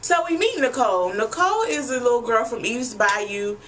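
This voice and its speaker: A woman's voice: fairly high pitch, lively intonation, moderate pace, a bit bright, a little hiss or hum. Chatty, profane woman vlogger. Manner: chatty, blunt, freely profane, addresses viewers as y'all. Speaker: TV episode recapper. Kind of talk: casual recap vlog.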